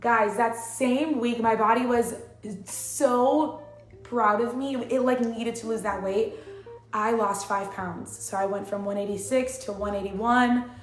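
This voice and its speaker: A woman's voice: on the high side, measured pace. Chatty young woman in an echoey room. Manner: chatty, animated, slangy storytelling with acted-out quotes. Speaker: vlogger. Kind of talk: casual storytelling vlog. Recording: echoey room with faint music.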